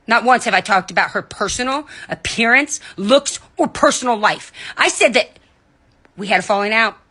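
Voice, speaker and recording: Bright-voiced woman ranting angrily. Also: animated, moderate pace. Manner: heated, indignant, cussing, swings between loud outbursts and low muttering. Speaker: vlogger. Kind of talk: angry ranting monologue. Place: at home in bed.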